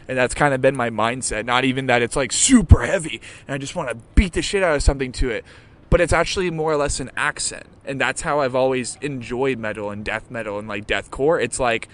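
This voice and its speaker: A man's voice: mid-range voice, a bit bright. A young man hosting a live podcast interview, talking in a rambling, casual way with lots of fillers and swearing. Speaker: podcast host.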